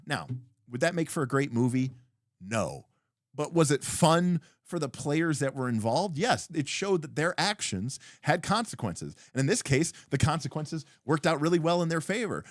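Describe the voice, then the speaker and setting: A man on a livestream talk show telling a tabletop game story in a rambling, animated way, full of fillers and restarts. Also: on the high side, fast, dry recording, clean studio sound. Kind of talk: casual livestream chat.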